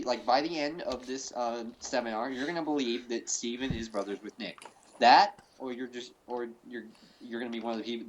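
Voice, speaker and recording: A man's voice: medium pitch, low-quality recording. Guy doing a goofy serious theory thing over a call, lots of ums, restarts, faint hiss behind. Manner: rambling, full of fillers and restarts. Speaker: host. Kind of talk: mock-serious theory presentation. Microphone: call recording.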